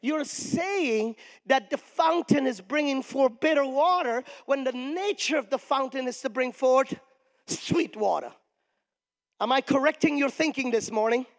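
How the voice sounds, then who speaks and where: A male pastor preaching a sermon emphatically, with shouted peaks and call-and-response with the congregation. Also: very high voice, measured pace, gravelly. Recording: long reverb of a large hall.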